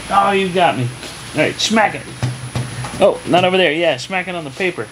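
At home, a father films a casual vlog and cheerfully coaches his daughter through a painting activity with short, repeated cues. His voice is high and expressive at a normal speed, and he pauses often against a noisy background.

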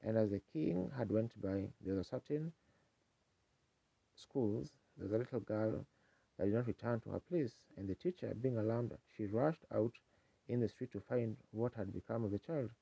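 A man's voice: lowish voice, moderate pace, vocal fry, dark tone, breathy edge, no room sound. A man preaching a sermon in a folksy, earnest storytelling manner, on a dull 1950s tape.

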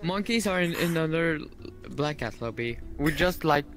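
A man in game voice chat haltingly explaining where the other players went. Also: a little high, expressive, a bit bright, faint music behind.

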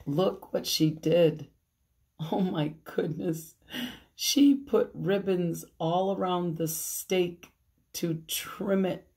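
A woman pastor reading a picture book aloud for children's storytime, adding animated asides. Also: fairly low pitch, very slow, gravelly. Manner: animated, chuckling asides to young listeners.

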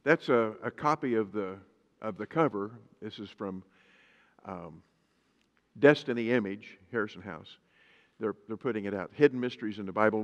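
Man, pastor, sermon, expressive sweeping pitch, slow emphatic scripture reading, long church reverb. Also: muffled recording. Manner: lively preaching, reads scripture slowly and emphatically. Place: church sanctuary.

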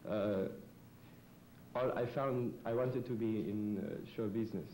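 A man speaks with a put-on foreign immigrant accent, halting and hesitant, full of fillers and restarts. His voice is mellow and soft-edged. It carries the echo of a roomy studio over a faint hiss. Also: fairly low pitch, fairly even intonation. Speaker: comedian guest. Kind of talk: in-character talk show interview.

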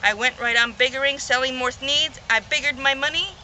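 A woman's voice: sits high, fairly quick, pushed and bright, slight background noise, rough recording. A woman reading a rhyming children's story aloud in a playful, rhythmic way. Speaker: reader.

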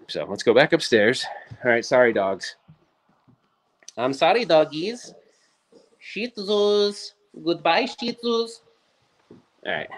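A man in his forties hosts a casual livestream in a lowish, slightly bright voice. He rambles upbeat, frequently trailing off and starting his sentences over.

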